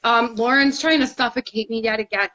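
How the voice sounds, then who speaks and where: A woman's voice: on the high side, fairly even intonation, brisk, bright, forceful tone, highs cut off. A woman co-hosting a live online paranormal show, chatting casually and rambling with fillers. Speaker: co-host. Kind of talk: casual live-stream chat. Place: hot apartment.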